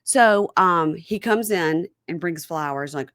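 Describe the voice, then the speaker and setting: A woman hosting a casual recap chat, retelling scenes and playing out both sides in lively voices. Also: slow pace, hardly any pauses, no room sound, clean studio sound. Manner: retells scenes acting out both sides with big pitch jumps. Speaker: podcast host recapping reality TV.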